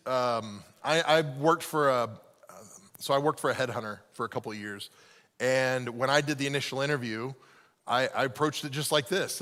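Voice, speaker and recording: A man's voice: medium pitch, a bit bright. A man giving a casual, self-deprecating teaching talk at a church leadership night, full of stories. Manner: self-deprecating, conversational, laughs often. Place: church hall. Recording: long reverb of a large hall.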